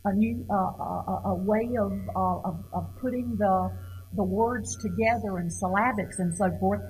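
A middle-aged woman giving an informal lecture on poetry, halting and repeating words as she questions her audience. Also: mid-range voice, a little mellow, soft background music, rough recording.

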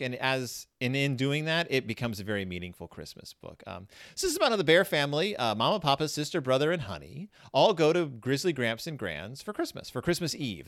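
Chatty man with a lively voice. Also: medium pitch, no room sound, clean studio sound. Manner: chatty, rambling, many fillers and restarts. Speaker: podcast host reviewing children's books. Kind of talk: casual chat.

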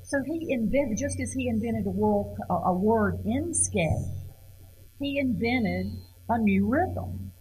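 Slow, husky-voiced woman lecturing. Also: a little high, expressive, darkish tone, soft background music, poor audio. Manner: halting, repeats words, asks the audience questions. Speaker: lecturer on poetry. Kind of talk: informal lecture to an audience.

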